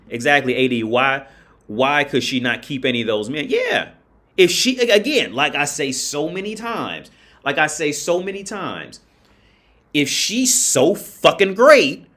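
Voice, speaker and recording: High-voiced man ranting on a livestream. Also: big pitch swings, a little slow, a bit bright. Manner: emphatic, profane, repeats phrases. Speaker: livestream host.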